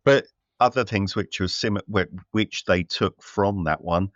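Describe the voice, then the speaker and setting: A man's voice: sits low, a little slow, a bit bright, dry recording, lo-fi sound. A man co-hosting a casual film review chat, rambling with many fillers and restarts. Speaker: podcast co-host.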